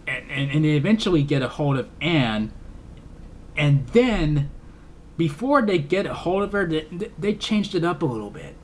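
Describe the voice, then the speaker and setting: A man's voice: on the high side, sing-song, moderate pace, slight background noise. A man casually reviewing a movie, rambling, repeating himself and laughing often. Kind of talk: casual film review vlog.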